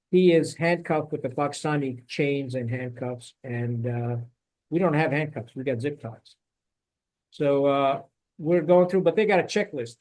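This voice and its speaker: A man, a former Marine officer, telling war stories in a casual interview with blunt, salty language. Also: a little high. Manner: blunt, salty, animated storytelling.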